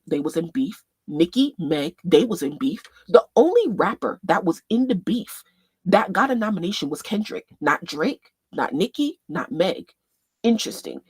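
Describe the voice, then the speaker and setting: A woman hosting a casual fan livestream, thinking aloud as she scrolls and reads posts, swearing freely and bursting into loud laughs. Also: medium pitch, slightly rough, no echo. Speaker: livestream host.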